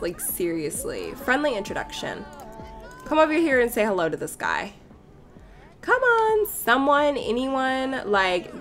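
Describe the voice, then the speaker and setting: A young woman chatting and giggling through casual game commentary, reacting loudly to what happens on screen. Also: fairly high pitch, slight background noise. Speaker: let's play gamer.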